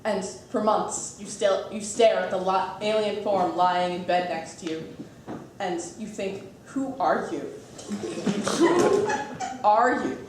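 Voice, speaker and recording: A woman's voice: mid-range voice, takes it slowly, noisy background, lightly acted. A woman playing a chatty, wistful narrator who confides in the audience during a stage musical. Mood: rueful. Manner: confiding, rambling asides to the audience. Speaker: stage actor. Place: theater stage. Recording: echoey stage from far off.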